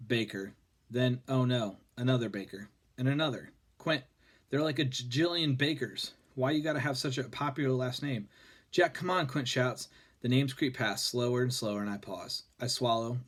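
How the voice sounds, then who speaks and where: A man reading a children's novel aloud in a plain, steady voice, with few changes for the characters. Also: medium pitch. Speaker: reader.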